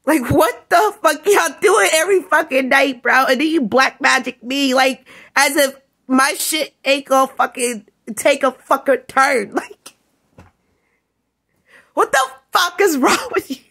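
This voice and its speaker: A woman's voice: sits high, measured pace, sharp tone. A tired woman vlogging in a profane, scornful rant, breaking into laughs between jabs. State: tired, up all night. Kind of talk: profane ranting monologue.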